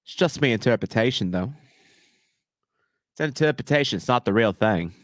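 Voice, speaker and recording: Animated man in a match watch-along. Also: mid-range voice, fairly quick, no room sound, clean studio sound. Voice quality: animated, jokey, shouts at near-misses. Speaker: streamer reacting to a live match. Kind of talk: casual watch-along commentary.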